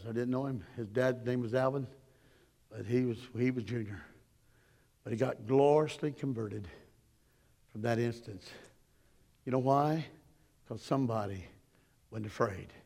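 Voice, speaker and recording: Gravelly preacher telling stories in a sermon. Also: male voice, unhurried, pauses often, in a large hall. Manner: preaching storyteller, swelling loud and high then dropping low. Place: church sanctuary.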